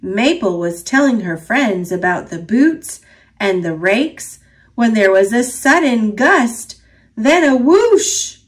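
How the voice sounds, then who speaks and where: A woman narrates a children's picture book at an unhurried pace. Her gentle reading voice sits a little high and rises and falls in a lively way. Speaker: storybook reader. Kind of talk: read-aloud narration for children.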